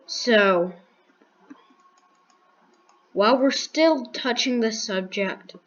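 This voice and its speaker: A woman's voice: medium pitch, drawn-out words, gravelly, pauses often, muffled recording. A woman giving casual commentary while building in a block game, thinking aloud with restarts, counting blocks and making dry sarcastic jokes. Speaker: gaming video creator.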